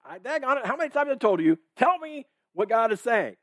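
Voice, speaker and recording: A man's voice: very high-pitched, sing-song, fast talker, no room sound, clean studio sound, voice pushed up. A man voicing an exasperated king who sounds frustrated and demands the truth. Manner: frustrated, exclaiming.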